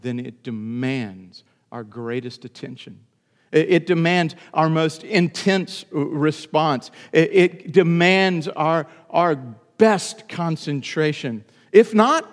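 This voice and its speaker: A man preaching a sermon in an earnest style, sometimes rising into emphatic high bursts. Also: big-room sound. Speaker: pastor.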